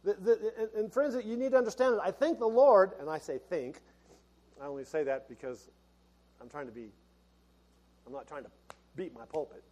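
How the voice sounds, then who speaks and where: Folksy high-voiced male preacher. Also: brisk, long pauses, darkish tone. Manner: folksy and conversational, with laughs and restarts. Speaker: pastor. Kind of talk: sermon.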